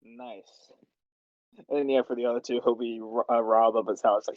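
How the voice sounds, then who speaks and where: A man's voice: mid-range voice, steady tone, normal speed, no room sound, muffled recording. A man directing a voice session, rambling and laughing as he explains the scenes. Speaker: machinima director and writer. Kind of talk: casual directing chat.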